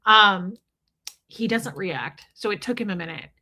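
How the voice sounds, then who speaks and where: A woman's voice: mid-range voice, expressive, a little slow, bright, forceful tone. A woman hosting a live stream in casual chat, rambling and greeting viewers between her thoughts.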